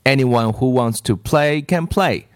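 A man's voice: medium pitch, measured pace, no room sound, studio quality, lightly acted. A man reading aloud and voicing a confident, fair-minded schoolyard figure in a raised voice. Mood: firm.

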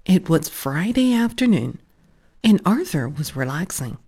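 A woman reading a children's picture book aloud with slow, expressive narration. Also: on the low side, slightly rough. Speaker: storybook reader.

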